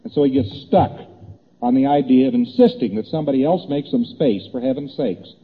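On tinny old tape in an echoing hall, a man lectures conversationally, going over graphs on a board and acting out small exchanges while repeating points. His medium-pitched voice has a breathy edge, lively intonation and a fairly quick pace.

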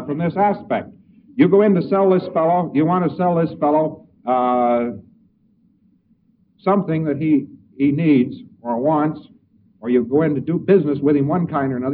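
A man on a narrow, tinny archival recording, heard from some distance off the mic with a faint hiss underneath. He lectures in a folksy, anecdotal way and slips into acting out both sides of short conversations. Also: on the high side. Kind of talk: informal lecture to an audience.

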